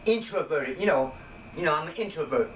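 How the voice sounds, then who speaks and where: A man's voice: a little high, expressive, a little fast. A man giving a rambling, jokey casual monologue about his wellness system, slipping into voices now and then. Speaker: self-made wellness teacher. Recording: echoey room, mic at a distance, faint noise.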